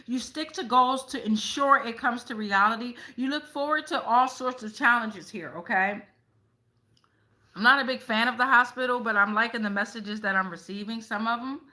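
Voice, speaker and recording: A woman's voice: on the high side, normal speed, pushed and bright, rough recording. A woman hosting a casual tarot reading, chatty, often tagging her sentences with "okay?" and swearing now and then. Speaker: tarot reader.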